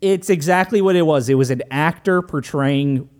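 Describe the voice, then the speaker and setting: A man casually recapping a movie as a podcast host, animated, joking and profane. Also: on the high side, moderate pace. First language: Italian heritage, speaks English.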